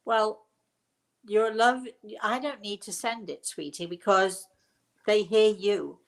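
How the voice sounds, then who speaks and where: A woman hosts a live spirit-medium stream and answers her viewers in a warm, chatty way, with many fond terms of endearment. Her voice sits at an ordinary middle pitch. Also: slow pace. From England. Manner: affectionate, calls viewers darling.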